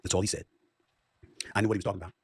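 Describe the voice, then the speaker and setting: A man hosting a sports talk show, speaking emphatically with dramatic pauses. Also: on the low side, level tone, darkish tone, husky. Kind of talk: broadcast commentary.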